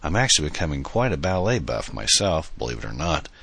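A man's voice: a bass voice, very animated, quick pace, a bit bright, breathy edge, heavily acted. A man voicing a genial older uncle in an audiobook, speaking fondly and teasingly to his niece. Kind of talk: audiobook dialogue.

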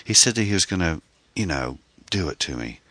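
A man's voice: low-pitched, sing-song, fairly quick, bright, forceful tone, dry recording, pitched above the performer's own voice, heavily acted. A man voicing a frightened, anxious middle-aged divorced mother in an audiobook, with a pleading manner. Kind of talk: audiobook character voice.

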